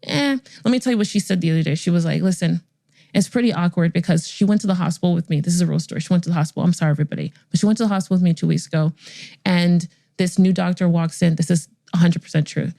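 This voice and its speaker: Woman, 40s, podcast host, lively storytelling, mellow warm voice, dry booth sound. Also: fairly low pitch, racing, gravelly, dry recording. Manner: animated, acts out the voices in her stories. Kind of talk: storytelling monologue.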